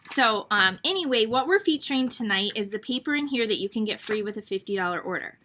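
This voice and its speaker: A woman's voice: a little high, animated, quick pace, sharp tone, a little hiss or hum. A middle-aged woman hosting an online card-making class, chatty and rambling with frequent ums. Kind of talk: casual crafting tutorial.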